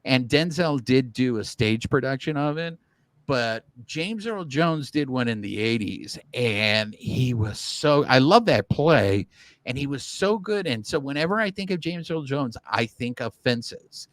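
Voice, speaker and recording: A man's voice: mid-range voice, animated, a little slow, a bit bright, dry recording. A man co-hosting a baseball podcast, chatting casually and animatedly, often restarting his sentences. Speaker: podcast co-host. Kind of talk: casual sports chat.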